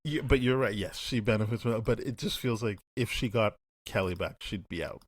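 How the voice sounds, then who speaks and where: Lower-voiced man, animated podcast chat. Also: dry recording. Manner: animated, acts out characters' lines in quick paraphrase. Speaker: podcast co-host. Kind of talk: casual chat.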